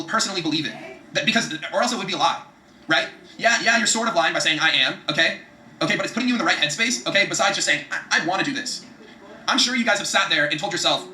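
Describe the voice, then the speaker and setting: A man giving a fast, profane, emphatic motivational talk about setting goals, often repeating himself for emphasis. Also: sits high, bright, forceful tone, echoey room, slight background noise. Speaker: vlogger giving trading and goal-setting advice.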